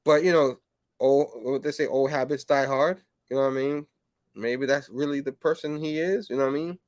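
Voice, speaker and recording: A man hosting a casual comic review show, rambling with lots of fillers and breaking into animated quoted bits. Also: mid-range voice, brisk, no echo. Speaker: comic book show host.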